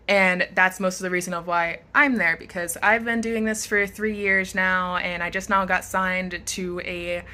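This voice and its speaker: A woman's voice: mid-range voice, bright, forceful tone. A young woman in her bedroom giving frank, upbeat advice in a casual vlog. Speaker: model and vlogger. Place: bedroom at home.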